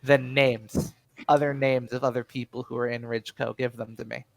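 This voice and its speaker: A man voicing a stern male inspector who questions a prisoner in a measured, threatening way. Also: mid-range voice, level tone, creaky, dry recording, close to an everyday voice, rough recording.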